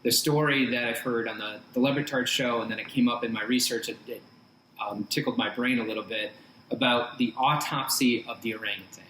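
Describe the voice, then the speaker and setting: A male podcast host leads the interview at a slow, halting pace and often restarts his sentences. His voice sits in the middle range, and the recording is roomy with faint hiss. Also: mid-range voice, steady tone, sharp tone.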